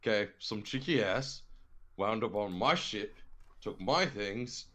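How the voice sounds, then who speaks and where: A man voicing an impatient, gruff male ship captain who talks bluntly and sarcastically. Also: on the low side, expressive, takes it slowly, pushed and bright, heavily acted.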